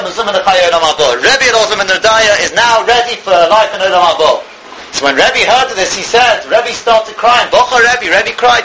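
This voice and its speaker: A man giving a Torah talk in a sermon style, earnest and quick, with frequent restarts and many Talmudic terms. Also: high voice, sharp tone, a little hiss or hum, poor audio.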